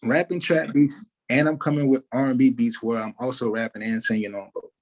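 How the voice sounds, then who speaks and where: A man, a musician giving an interview, talking in a relaxed way with many fillers like "like" and "you know". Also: mid-range voice, brisk, low-quality recording. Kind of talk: casual interview talk.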